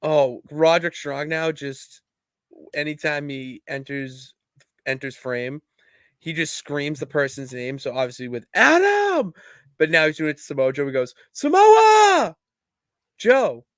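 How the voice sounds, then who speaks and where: Animated man on a podcast, dry close mic. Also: medium pitch, normal speed, clear, resonant tone, no room sound. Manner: animated storytelling, bursts into loud laughs. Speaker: podcast co-host. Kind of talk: casual chat.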